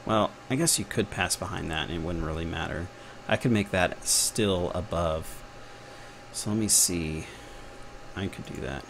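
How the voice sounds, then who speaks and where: Deep and unhurried, this young Texan's voice carries a Texan accent over a noisy background. He's a game developer hosting a casual tutorial on a live stream, chatting, cracking jokes, and muttering to himself while working.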